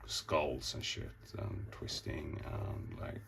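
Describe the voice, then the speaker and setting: A man's voice: rumbling low, slow pace, vocal fry, noisy background. A man casually showing off his comic pages, rambling, swearing often and acting out the scenes as he goes. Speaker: comic artist. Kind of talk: casual show-and-tell.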